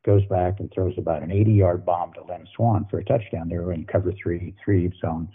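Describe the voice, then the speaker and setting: With a low, slightly rough voice and fairly even intonation, this older ex-football coach speaks at normal speed. He's a storytelling podcast guest, folksy and repetitive, heard through phone-like narrow audio.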